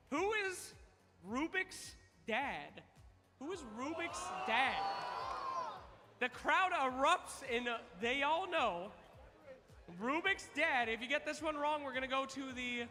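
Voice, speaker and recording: A man hosting a live trivia contest on stage at an esports event, energetic and teasing, calling out to the crowd. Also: very high-pitched. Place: large event hall on stage. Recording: long reverb of a big hall.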